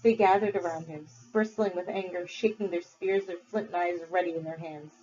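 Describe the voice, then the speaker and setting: A woman teacher reading a novel aloud to her class, measured and expressive. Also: fairly low pitch. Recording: dull lo-fi recording.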